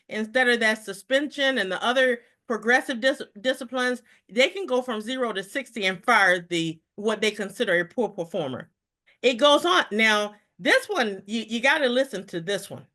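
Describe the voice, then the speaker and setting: Middle-aged woman, organization president; excited, rapid briefing, fairly high bright voice. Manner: fast, excited, repeats words when rushing. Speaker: national president of a federal employee organization. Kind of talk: live online discussion briefing.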